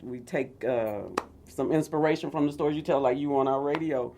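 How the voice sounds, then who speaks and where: A woman's voice: rumbling low, a little hiss or hum. A woman from Houston, a comedian guest telling stories animatedly and laughing easily. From Houston, Texas. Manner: animated storyteller, quick to laugh. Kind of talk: casual chat.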